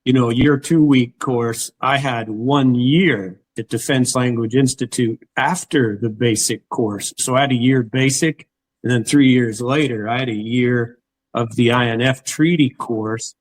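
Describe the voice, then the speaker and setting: A man's voice: medium pitch, a little slow, no room sound, low-quality recording. American male host, mid voice, rambling chat, dry mic. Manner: rambling, hesitant, many restarts. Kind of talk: casual interview chat.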